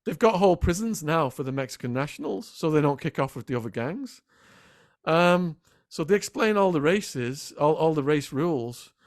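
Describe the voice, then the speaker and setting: A middle-aged man, a podcast guest telling animated stories in a casual interview. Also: on the high side, no echo, studio quality. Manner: animated, quick anecdotal storytelling. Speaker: podcast guest, former prisoner.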